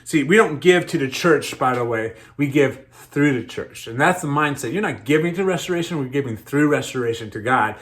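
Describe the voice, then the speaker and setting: A man's voice: mid-range voice, expressive, a little fast, few pauses, fairly bright tone. A man in his thirties preaching a sermon in a conversational way, often repeating words as he starts his sentences. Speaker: pastor.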